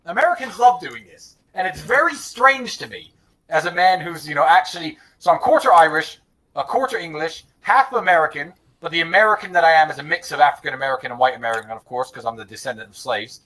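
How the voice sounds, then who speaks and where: A man with a slightly high-pitched voice gives blunt, strongly held opinions on a podcast. He curses freely and often stammers and restarts mid-sentence. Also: lively intonation, quick pace, pushed and bright, low-quality recording. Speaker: podcast guest. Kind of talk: casual chat.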